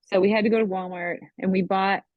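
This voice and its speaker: A middle-aged woman sharing a personal faith testimony at a Bible study, speaking in an emotional, halting way full of "you know". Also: mid-range voice, steady tone, dry recording. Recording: tinny phone-line sound, dry.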